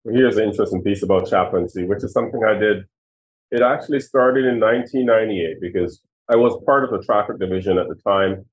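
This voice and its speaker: A man's voice: lowish voice, fast. A man in his sixties, a former police chief, telling personal stories earnestly and with emotion in an interview. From Jamaica. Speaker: retired police chief, guest. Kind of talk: storytelling interview answers. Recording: tinny phone-like line.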